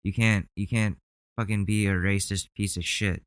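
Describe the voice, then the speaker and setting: A man with a lowish, smooth voice hosts a podcast and reacts bluntly to video clips. He sounds indignant and swears freely. The sound is close and dry. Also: steady tone, normal speed, dry recording. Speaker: podcast host.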